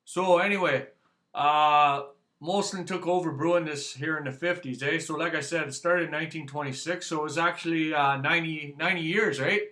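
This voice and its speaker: A man's voice: on the high side, steady tone, fairly quick, sharp tone. A man with a Canadian accent, chatting casually as he reviews a beer for his channel, rambling and joking and ending his sentences with "eh". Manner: rambling, jokey, tags sentences with "eh". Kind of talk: casual chat to camera.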